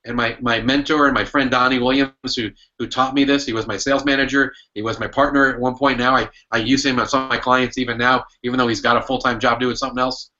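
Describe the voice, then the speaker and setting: A man's voice: mid-range voice, little pitch movement, quick pace, hardly any pauses, bright, forceful tone, lo-fi sound. A man, a sales consultant and author, answering podcast interview questions with emphatic storytelling. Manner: emphatic storytelling, acts out his old manager's lines.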